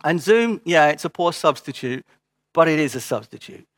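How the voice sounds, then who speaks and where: A man's voice: fairly high pitch, lively intonation, moderate pace, no room sound. A man preaching a sermon as pastor, earnest and emphatic, repeating short phrases, then giving church notices.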